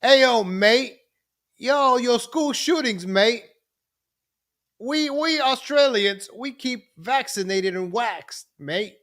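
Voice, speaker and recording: A man doing a loud, mocking impression of an Australian man scolding Americans. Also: very high voice, animated, slow, voice pushed up, exaggerated voice.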